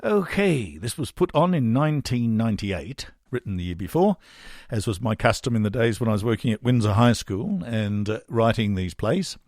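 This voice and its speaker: A man's voice: medium pitch, lively intonation, moderate pace, darkish tone, no room sound. Wry Australian man, dry close mic. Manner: chatty, wry, rambling with fillers. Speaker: podcast host and songwriter. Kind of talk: casual podcast monologue.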